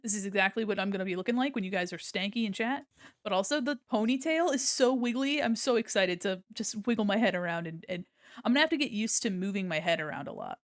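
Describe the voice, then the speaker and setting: A woman's voice: mid-range voice, quick pace, no room sound. Woman streamer, casual and silly, laughs a lot, dry close mic. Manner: giggly, silly, rambling. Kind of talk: casual livestream chat while drawing.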